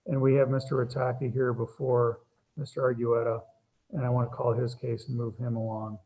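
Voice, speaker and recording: Man judge, gravelly husky voice, dark tone, dull lo-fi video call audio. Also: medium pitch, little pitch movement, brisk. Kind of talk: running a court hearing on a video call. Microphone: computer mic on a video call.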